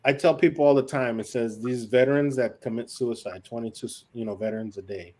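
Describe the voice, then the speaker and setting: A man who is a military veteran tells stories on a podcast in a blunt, profane way. He slips into the voices of the people in his stories as he goes, and his pitch sits in the middle for a man. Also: brisk, dark tone. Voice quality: profane, blunt, acts out quoted dialogue. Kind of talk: casual storytelling on a podcast.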